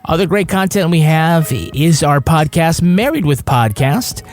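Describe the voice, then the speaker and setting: A man's voice: fairly high pitch, lively intonation, a little slow, faint music behind. A man hosting a podcast in casual chat, joking and swearing freely. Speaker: podcast host.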